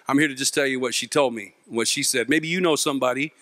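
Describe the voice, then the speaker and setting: A man giving a comic storytelling speech to a live audience as a youth mentor, animated and self-mocking, acting out the voices in his story. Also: medium pitch, quick pace, no room sound, studio quality. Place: event stage before a live audience.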